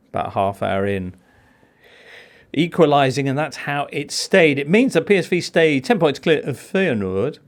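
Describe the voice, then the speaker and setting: A man hosting a football podcast, leading segments in a jokey, casual way. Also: a little high. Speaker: podcast host. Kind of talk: casual chat.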